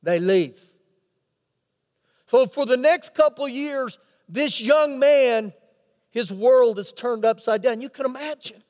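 Male pastor with a very high voice; dramatic sermon storyteller, recorded with long church-hall reverb. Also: lively intonation, slow pace, long pauses, a little mellow. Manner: dramatic storytelling with rhetorical questions. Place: church sanctuary.

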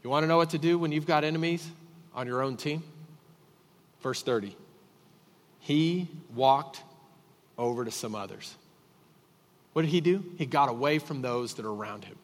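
A man preaching a sermon as pastor, emphatic and repetitive, swinging between loud and quiet. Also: medium pitch, moderate pace, pauses often, big-room sound. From Texas.

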